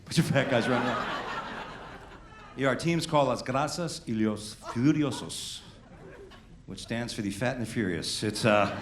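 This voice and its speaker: A brash middle-aged comedian, talking loose and conversational on a handheld mic. His voice rings around a roomy club, with ambient noise steady behind him. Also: medium pitch, normal speed, pauses often. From Queens, New York. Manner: brash, conversational, teasing the crowd. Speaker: stand-up comedian. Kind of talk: stand-up comedy.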